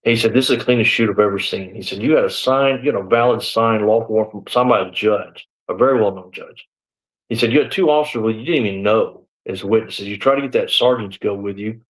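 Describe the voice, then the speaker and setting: A man's voice: on the low side, fast talker, poor audio. A man in his sixties, a former deputy, telling his story in a live interview. He rambles a little, leans on "you know" and "man", and acts out the back-and-forth of the people he quotes.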